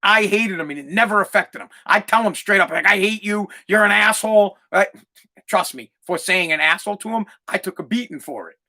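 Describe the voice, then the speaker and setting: Male podcast host in his thirties, high and bright voice, blunt, profane storyteller. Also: animated, a little fast. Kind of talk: ranting monologue.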